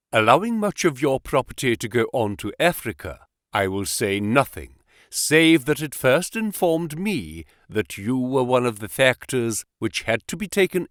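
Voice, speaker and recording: A man reading an audiobook, voicing a calm, commanding detective who speaks in a crisp, precise, insistent way. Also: medium pitch, dry recording, clean studio sound. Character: cool, commanding male detective, calm and assured.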